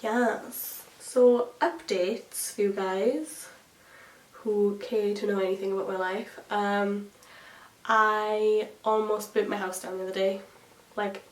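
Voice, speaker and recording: A woman's voice: medium pitch, fairly even intonation, slow, recorded from a distance. Chatty young woman in an echoey room. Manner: chatty, storytelling, swears, says like a lot. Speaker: beauty vlogger. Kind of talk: chatty get-ready-with-me vlog. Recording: echoey room, voice a bit off-mic.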